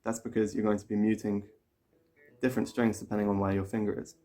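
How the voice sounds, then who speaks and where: A man's voice: fairly low pitch, level tone, quick pace. A man teaching a guitar lesson, explaining a picking pattern step by step in a casual way. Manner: explains step by step, counts and sings pattern syllables while playing. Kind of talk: casual instructional talk. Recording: loud guitar playing over the voice. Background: acoustic guitar playing.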